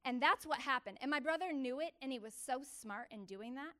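A church speaker gives a testimony sermon to a gathering, her high-pitched voice moving briskly. She tells her story with animated, emphatic repetition.

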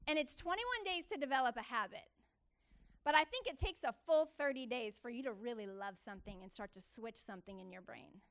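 A woman preaching a testimony sermon to a church gathering, telling her story with animated, emphatic repetition. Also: a little high, a little fast. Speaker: church speaker.

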